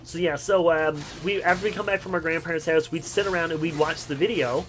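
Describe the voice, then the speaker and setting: A man's voice: on the high side, brisk, fairly bright tone, soft background music, rough recording. Chatty young man rambling over gameplay. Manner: rambling and chatty, laughs often. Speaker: gaming channel host. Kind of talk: game commentary with personal stories.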